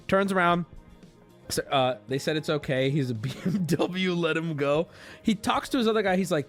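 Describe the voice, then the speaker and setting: A man streaming, telling a rambling story to his chat in a casual, animated way and acting out the people in it. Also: fairly high pitch, quick pace.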